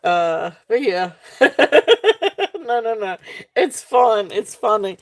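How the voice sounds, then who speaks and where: A woman with a Southern US accent speaks slowly in a medium-pitched voice while hosting a live sale. The talk is casual, sprinkled with ums and regular giggles.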